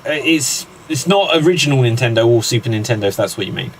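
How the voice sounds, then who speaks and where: A man hosts a live guessing game with an upbeat, teasing delivery. His voice sits in an ordinary middle pitch. A faint hiss sits under the recording. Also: lively intonation, quick pace, low-quality recording. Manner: upbeat, teasing, laughs often. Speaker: quiz host. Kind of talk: live game show hosting.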